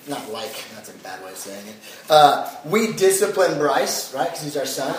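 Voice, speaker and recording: A man's voice: high-pitched, lively intonation, normal speed, crowd noise. A young man preaching a sermon in a casual, chatty way, full of fillers, as a pastor. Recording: echoey hall from far off.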